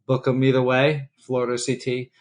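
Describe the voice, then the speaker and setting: A man's voice: medium pitch, monotone, moderate pace, a little mellow. Easygoing man cracking jokes on a podcast. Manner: easygoing, joking, laughs at his own stories. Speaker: podcast co-host. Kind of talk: casual podcast chat.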